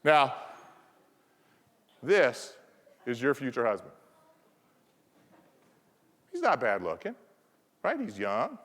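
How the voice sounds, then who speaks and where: His pitch swoops wildly around a mid-range voice, and he talks slowly with long pauses and a fairly bright tone. He's a man from the American South giving a playful keynote, teasing the audience in an echoing conference hall.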